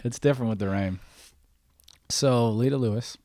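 A man's voice: mid-range voice, normal speed, dark tone, no echo, studio quality. A man hosting a podcast, reading sponsor spots and bantering with his co-host. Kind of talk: casual chat and ad read.

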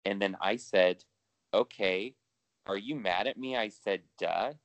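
A man's voice: on the low side, a little slow, dry recording. A man co-hosting a podcast in casual chat, talking freely with lots of swearing and laughter. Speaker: podcast co-host.

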